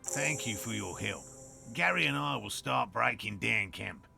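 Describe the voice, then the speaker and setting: A man's voice: mid-range voice, expressive, measured pace, creaky, pushed and bright, soft background music, full character voice. An actor playing a pompous, self-assured male cryptozoologist in a video game, with an Australian accent and a lecturing manner. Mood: condescending.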